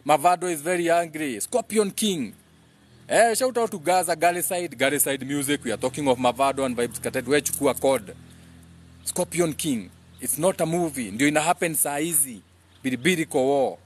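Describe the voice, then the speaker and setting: A man's voice: on the high side, moderate pace. Man ranting in chant-like repeats. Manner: preachy, switches between English and Swahili mid-sentence; repeats phrases in chant-like bursts. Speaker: live stream host. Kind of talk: rambling live-stream monologue reading comments.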